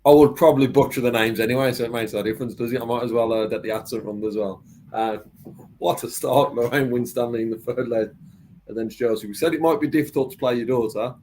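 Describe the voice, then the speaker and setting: A man commentating live on darts, chatty and quick to laugh at himself. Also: mid-range voice, steady tone, a little mellow, a little hiss or hum, low-quality recording. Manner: chatty, laughs easily, joking.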